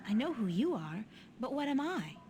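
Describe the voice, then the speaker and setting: A wry young heroine. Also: female voice, a little high, big pitch swings, moderate pace, noisy background. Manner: dry, wry remarks. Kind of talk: video game voice acting.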